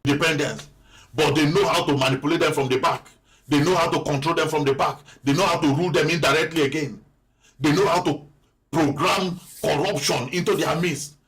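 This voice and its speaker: Male pastor, fairly high voice, fervent repetitive sermon delivery, rising to shouted prayer. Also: fairly even intonation, fairly quick. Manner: preaching with repetition, building to impassioned prayer.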